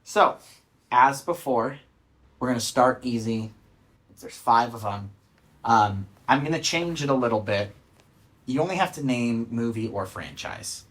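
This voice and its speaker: A young man hosting a casual podcast, playful and quick to laugh at himself. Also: mid-range voice, fairly bright tone. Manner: playful, laughs often, self-mocking. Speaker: podcast host.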